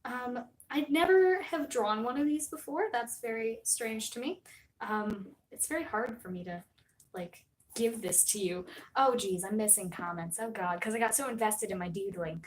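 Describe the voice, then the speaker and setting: A young woman streamer chatting casually to her viewers. Her voice sits a little high, and she tells her story with lively swings between loud outbursts and quiet asides. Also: moderate pace, slight background noise, poor audio. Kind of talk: casual live-stream chat.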